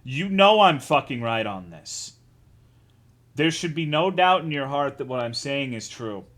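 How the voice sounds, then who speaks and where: A man's voice: medium pitch, expressive, unhurried, fairly bright tone. A man from Texas streaming, chatting casually and answering his chat in a rambling, profane, self-deprecating way. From Texas, USA.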